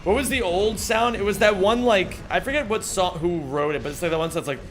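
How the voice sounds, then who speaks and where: A man streaming a game speedrun, chatting casually with his chat, swearing and bursting into excited shouts. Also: sits high, a little fast, soft background music. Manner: reads chat aloud, swears, excitable outbursts.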